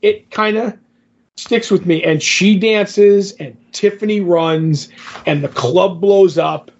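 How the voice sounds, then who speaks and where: Retelling a comic book story on a podcast he co-hosts, a man with a slightly high, gravelly voice rambles slowly, stringing paraphrased lines together with "he's like." The tone is darkish, and the lo-fi, somewhat muffled audio carries a faint hiss or hum.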